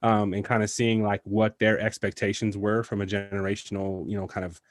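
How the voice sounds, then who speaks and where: A man guest on a podcast over a video call, relaxed and measured, with many "you know" fillers. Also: fairly low pitch, no room sound. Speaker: podcast guest, communications professional. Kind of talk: casual conversational podcast chat. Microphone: video call mic.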